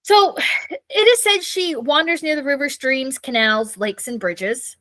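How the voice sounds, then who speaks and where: A woman's voice: sits high, unhurried, a bit bright, no room sound, rough recording. A Canadian woman co-hosting a casual ghost-story podcast, reading from her notes loosely and stumbling over names. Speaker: podcast co-host.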